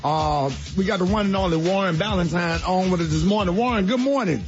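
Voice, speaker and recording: Male morning radio host, quick talker, high voice, music underneath. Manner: quick, warm banter. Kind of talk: casual radio hosting. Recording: dull lo-fi with clear music.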